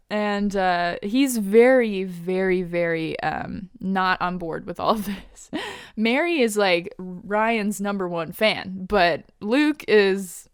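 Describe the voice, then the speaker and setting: A woman's voice: medium pitch, clear, resonant tone, no room sound, clean studio sound. Giggly woman recapping a TV episode. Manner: giggly, laughs often while retelling scenes; quotes characters in quick paraphrase. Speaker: podcast host.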